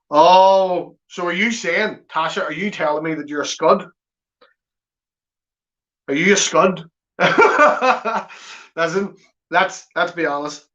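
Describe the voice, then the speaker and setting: Bright, unhurried man hosting a live chat. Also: on the high side. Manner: chatty, teasing banter with viewers. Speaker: watchalong host. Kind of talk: live football watchalong chat, reading viewer comments. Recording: slightly dull lo-fi audio.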